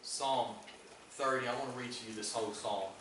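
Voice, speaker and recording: A man's voice: medium pitch, fairly even intonation, normal speed. A man preaching a sermon as pastor, earnest and emphatic, often calling out "listen" to stress a point. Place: church sanctuary. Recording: echoey church hall from a distant mic with background noise.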